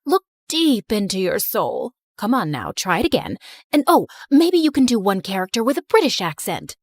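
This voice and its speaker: A woman's voice: medium pitch, sing-song, moderate pace, dry recording, studio quality. A woman voicing a vain, dramatic former actress who is the narrator's mother, speaking in a theatrical, grandiose manner.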